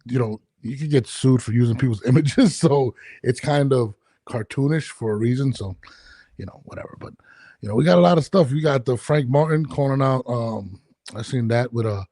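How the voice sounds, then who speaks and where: Mellow-voiced man hosting a podcast. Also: mid-range voice, no room sound, clean studio sound. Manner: loose, halting talk with many restarts. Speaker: podcast host. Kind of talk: casual video-call interview.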